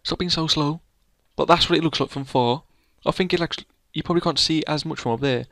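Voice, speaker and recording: A man's voice: fairly high pitch, fairly quick, a bit bright, no echo. Rambling guy gaming. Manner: rambling, playful, teasing his co-player. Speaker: let's play gamer. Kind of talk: casual gameplay commentary.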